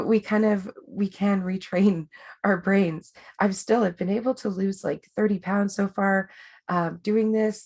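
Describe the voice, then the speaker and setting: A woman's voice: mid-range voice, creaky, a little mellow. A woman life coach hosting a webinar, talking in a chatty, rambling way with many fillers and restarts. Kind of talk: casual coaching talk.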